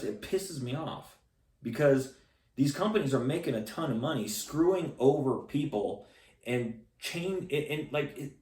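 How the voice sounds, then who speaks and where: A man's voice: medium pitch, darkish tone. Blunt rambling salesman in an echoey room. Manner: blunt, rambling, many restarts and fillers. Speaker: container salesman and channel host. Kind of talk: casual talk to camera. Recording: echoey room, voice a bit far from mic.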